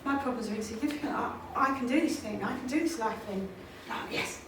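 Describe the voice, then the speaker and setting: High-voiced woman speaking on a hall stage. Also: fairly quick. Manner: emphatic, repetitive, laughs often. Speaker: motivational speaker. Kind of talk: motivational stage talk. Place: large conference hall, on stage. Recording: echoey hall from far off, noisy.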